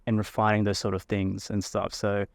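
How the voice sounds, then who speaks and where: A man's voice: on the low side, a little fast, gravelly, no room sound, clean studio sound. A man from Darwin with an Australian accent, a podcast guest chatting casually and acting out quoted exchanges with frequent laughs. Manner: animated storyteller, acts out quotes, laughs often. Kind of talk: casual chat.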